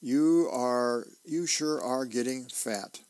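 A man's voice: mid-range voice, slow, a little mellow, no echo, lightly acted. A man reading out a blunt little girl's letter to Santa from a comic strip. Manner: plainly read quotes.

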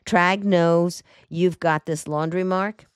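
A woman voicing a sardonic, stooped male detective with a slow, dry drawl, in an audiobook. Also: on the low side, fairly even intonation, smooth, dry recording, voice pushed up.

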